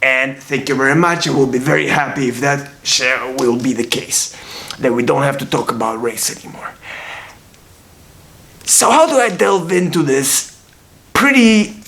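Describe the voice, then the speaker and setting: A man giving a slow, formal monologue with measured phrasing and long pauses. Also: medium pitch, a bit bright. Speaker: vlogger.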